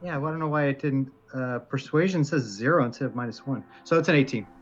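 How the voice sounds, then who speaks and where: A male tabletop player chatting in a relaxed, offhand manner about his character and his rolls. His voice sits at a middle pitch, and the recording is slightly dull and lo-fi. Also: fast, a little hiss or hum. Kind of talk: tabletop game play.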